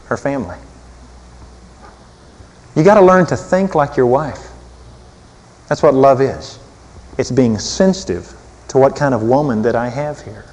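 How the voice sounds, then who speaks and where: A man preaching a sermon in an animated, humorous way, swinging from loud bursts to soft asides. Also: medium pitch, measured pace, long pauses. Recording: long hall reverb.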